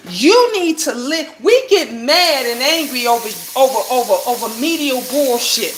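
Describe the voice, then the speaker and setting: A woman's voice: high-pitched, fairly bright tone. A middle-aged woman vlogger giving an emotional, impassioned monologue to her viewers, repeating phrases and swearing bluntly. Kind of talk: heartfelt preachy monologue to viewers. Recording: roomy echo.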